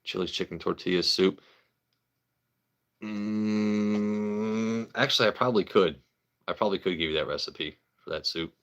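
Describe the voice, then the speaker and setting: A man's voice: lowish voice, measured pace, long pauses, a bit bright, clean tone, dull audio. A man hosting a casual livestream, chatting loosely, swearing and joking with viewers by name. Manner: profane, joking, talks to chat by name. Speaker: livestream host. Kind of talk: casual rambling livestream chat.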